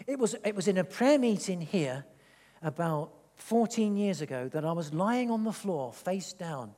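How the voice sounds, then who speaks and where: A man from England, preaching a sermon in a church, animated and rambling with frequent restarts. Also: high voice, normal speed, in a large hall. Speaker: pastor. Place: church hall.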